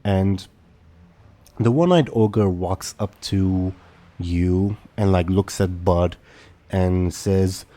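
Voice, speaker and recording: Man, game master, tabletop game narration, halting speech with fillers, very slow, deep dark voice. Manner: halting, full of fillers and self-corrections.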